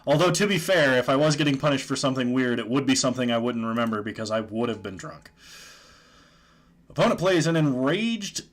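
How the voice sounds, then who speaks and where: Chuckling man with a lively voice. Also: mid-range voice, fairly quick. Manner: joking, chuckling often. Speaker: streamer. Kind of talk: casual gameplay commentary.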